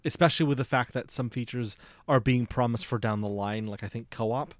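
A man's voice: medium pitch, a little fast, no room sound, studio quality. A man hosting a casual podcast chat, easygoing, asking questions and chuckling.

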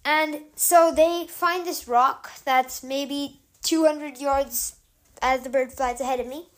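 A young woman podcast host telling a story in a calm, chatty way, loose with fillers. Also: high voice, takes it slowly. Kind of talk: casual storytelling.

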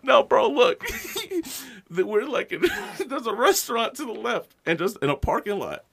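Young man, podcast co-host, casual chat, lively swooping delivery, bright forceful tone. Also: very high-pitched, unhurried, creaky, a little hiss or hum. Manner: animated storyteller, laughing, acting out shouted quotes.

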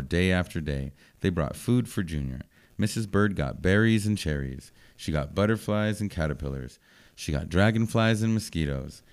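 Guy with a really low voice reading a kids storybook, simple steady phrasing. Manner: slow, even, simple phrasing for children. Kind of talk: reading a children's storybook aloud.

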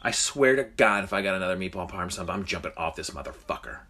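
A man's voice: low-pitched, expressive, fast talker, bright, forceful tone, a little hiss or hum, pitched below the performer's own voice, full character voice. A man voicing a fed-up Italian construction worker who grumbles and swears in a joke. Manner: grumbling, profane.

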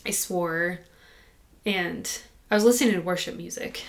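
A woman guest on a podcast, telling a personal faith story in a soft, halting, conversational way. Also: fairly low pitch, fairly even intonation. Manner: soft-spoken and halting, with many restarts.

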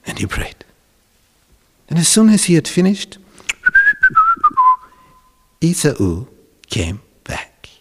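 Pastor guy telling a bible story, slow, lots of swings in his voice, husky, echoey hall. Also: on the high side, a little hiss or hum. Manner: animated dramatic retelling. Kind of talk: sermon storytelling. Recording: reverberant hall.

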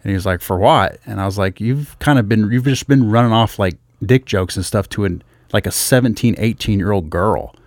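A man's voice: on the low side, a little fast, hardly any pauses, no echo, clean studio sound. A man in casual chat, telling stories bluntly with plenty of swearing. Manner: blunt, profane storytelling.

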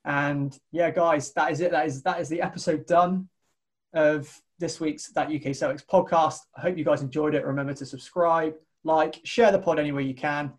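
A man's voice: on the high side, steady tone, normal speed. Chatty British man hosting a podcast. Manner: laughs often, repeats words while thinking. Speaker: podcast host. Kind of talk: casual podcast chat.

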